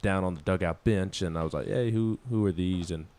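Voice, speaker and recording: Low-voiced man rambling on sports radio. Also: brisk, a little mellow. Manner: rambling, many restarts, laughs at himself. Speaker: co-host of a sports talk show. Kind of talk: casual sports talk. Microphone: studio microphone.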